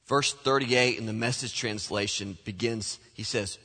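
A man delivers a sermon from the pulpit with a bright, forceful voice, lively and animated as he acts out the voices he quotes. His words ring out with a long reverb, as if spoken in a large church sanctuary. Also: lowish voice, normal speed. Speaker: pastor.

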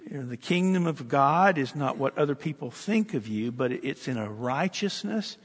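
A man's voice: medium pitch, expressive, normal speed, husky. A man preaching a sermon as pastor, earnest and repetitive, speaking to a congregation. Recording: long reverb of a large hall.

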